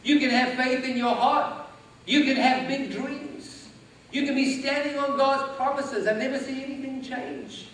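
A man preaching a sermon as pastor, emphatic and building to loud declarations. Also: very high voice, fairly even intonation, unhurried, a little hiss or hum. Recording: echoey hall, mic at a distance. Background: congregation responding.

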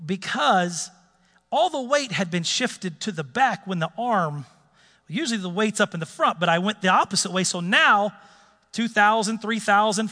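A man preaching a sermon, telling a personal story in an animated, emphatic way. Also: high-pitched, long reverb tail.

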